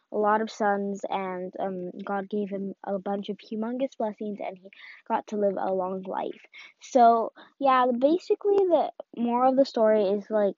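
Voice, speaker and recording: A woman's voice: medium pitch, no echo. A woman giving a casual devotional talk, rambling and full of "like" and "um". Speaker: faith talk host. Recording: dull, dry lo-fi recording.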